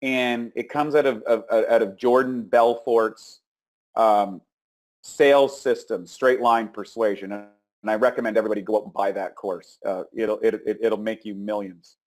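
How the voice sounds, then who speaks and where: A man's voice: lowish voice, fairly even intonation, normal speed, a little mellow. Guy running a sales coaching webinar, lots of ums and stutters, acts out the scripts with big emphasis. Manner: frequent fillers and repeated words.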